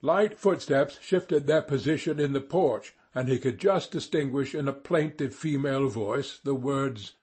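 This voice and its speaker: Husky male audiobook narrator. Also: medium pitch, unhurried, few pauses, darkish tone. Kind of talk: scripted narration of a classic novel.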